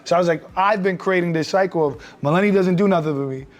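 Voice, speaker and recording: A man's voice: high voice, fast talker. A man chatting as a podcast guest, speaking candidly and reflectively and acting out quoted bits of conversation. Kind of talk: casual chat.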